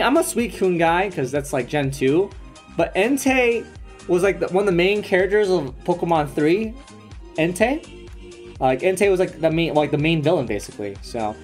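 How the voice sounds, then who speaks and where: A young man live-streaming a card pack opening, chatting excitedly with viewers and swearing casually. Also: sits high. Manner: excitable, swearing, quick asides to chat. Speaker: streamer opening trading cards.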